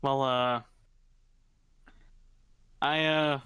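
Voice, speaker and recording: A man's voice: medium pitch, normal speed, heavy background noise. A man playing a tabletop game, speaking politely and hesitantly with stammers. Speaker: player. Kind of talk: tabletop role-play.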